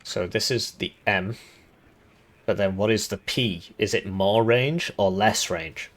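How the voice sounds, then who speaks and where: A man with a raspy voice giving casual commentary as he reviews a strategy game's update, thinking aloud with fillers and restarts. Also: lowish voice, slow pace. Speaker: gaming YouTuber reviewing a devblog.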